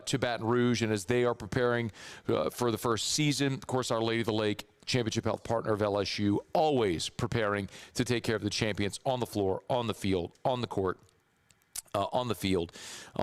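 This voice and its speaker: Hoarse man, Southern accent, sports radio host, chatty, low voice, dry studio sound. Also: dry recording. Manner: chatty, rambling, amused. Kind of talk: casual sports radio talk. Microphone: studio microphone.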